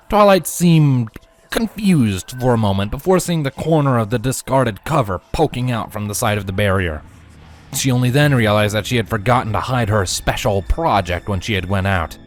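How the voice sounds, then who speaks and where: A man reading a fan story aloud in a wry, expressive narrating voice. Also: medium pitch, moderate pace, soft background music. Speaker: fanfiction reader.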